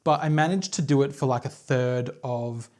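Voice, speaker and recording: A woman's voice: extremely low pitch, moderate pace, darkish tone. Chatty Australian woman, self-deprecating host. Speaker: knitting podcast host. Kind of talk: casual chat to camera. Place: home, on her couch.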